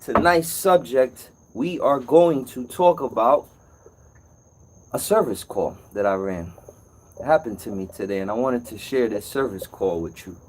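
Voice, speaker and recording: A man hosting a casual live-stream call-in show as an appliance repair technician, telling stories in an animated way. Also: medium pitch, unhurried, slight background noise, poor audio. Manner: animated storytelling, acts out customer's voice.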